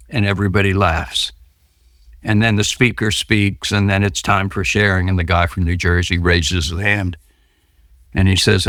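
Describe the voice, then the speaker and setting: Interviewed on a podcast about his recovery, this man spins stories and performs the voices of the people he quotes. He has a deep voice and a level, fairly bright tone, speaking at a moderate pace in a studio-quality recording with no echo.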